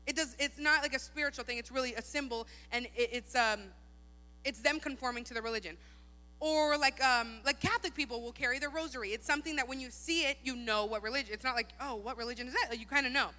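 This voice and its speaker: A woman's voice: sits high, pushed and bright. A young woman preaching a sermon in a church hall, casual and chatty. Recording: long hall reverb.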